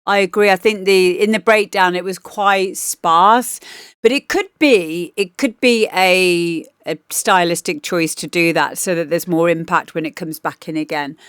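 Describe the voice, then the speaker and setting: A woman's voice: lowish voice, measured pace, fairly bright tone, smooth, dry recording, clean studio sound. A woman DJ hosting a livestream, chatting casually and rambling with lots of fillers as she gives feedback on demos. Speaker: DJ and livestream host.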